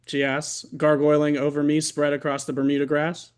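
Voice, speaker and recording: A man with a fairly high voice reads his own fiction aloud over a video call. His reading is wry and deliberate, and his lines often trail off low at the end. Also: steady tone, a little mellow, smooth. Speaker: reader at an open mic.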